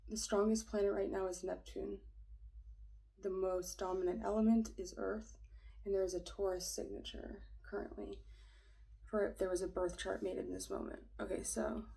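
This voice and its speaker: A woman's voice: mid-range voice, creaky, mellow, low-quality recording. A young woman reading an astrology chart aloud in a casual, rambling way, hesitant and full of fillers, often dropping to a whisper. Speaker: astrology reader.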